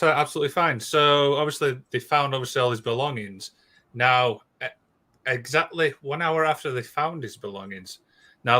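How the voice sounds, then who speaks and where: A man co-hosts a relaxed podcast, telling an eerie missing-person story. His voice is bright and lively, and he rushes along, restarting phrases and leaning on "obviously.". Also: mid-range voice. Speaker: podcast co-host. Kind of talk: casual storytelling chat.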